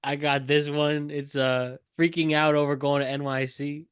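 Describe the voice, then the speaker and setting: A man with a smooth, clear voice and a slightly raised pitch introduces topics on a podcast. The sound is dry and close. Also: little pitch movement, no echo. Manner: prompting, quick to laugh. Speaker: podcast co-host. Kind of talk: casual chat.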